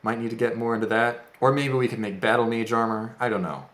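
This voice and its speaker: A man's voice: medium pitch, fast, fairly bright tone, reverberant. A man hosting a let's play, giving casual gameplay commentary with rambling, self-deprecating, goofy asides.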